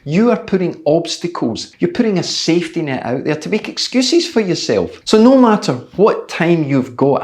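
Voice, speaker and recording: A man's voice: medium pitch, a little mellow. A man with a Scottish accent, a cycling coach giving blunt, jokey, motivational training tips to camera and swearing now and then. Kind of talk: direct-to-camera training video.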